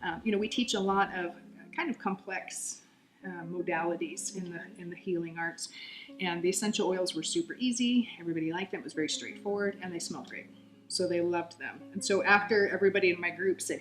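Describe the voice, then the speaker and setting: Chatty woman, low voice, roomy echo. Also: fairly quick, a bit bright. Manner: earnest, chatty, many fillers. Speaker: holistic health coach, guest. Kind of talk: conversational interview storytelling. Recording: roomy echo, music underneath.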